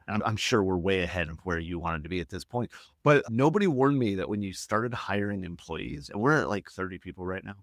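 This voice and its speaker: A man's voice: on the low side, no room sound, clean studio sound. A middle-aged man, a company CEO guest on a podcast, telling casual stories and acting out quoted dialogue. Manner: animated, acts out quoted dialogue. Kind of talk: casual storytelling in interview.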